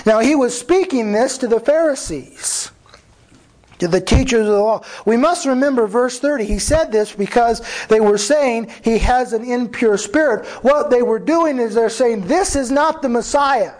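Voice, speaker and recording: A man with a notably high voice delivers a sermon as a pastor. He speaks earnestly and conversationally, restarting phrases and voicing the words of others as he explains scripture. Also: lively intonation, normal speed, darkish tone, rough recording. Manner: earnest preaching with restarts and quoted dialogue.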